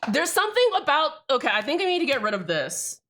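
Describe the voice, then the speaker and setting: Young woman streamer, kinda high bright voice, rambly and sweary, keeps cutting herself off to answer chat. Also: big pitch swings, fast talker, slight background noise. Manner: rambling, self-interrupting, swears freely, reads and answers chat. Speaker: livestreamer. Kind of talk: casual livestream chat while building a keyboard.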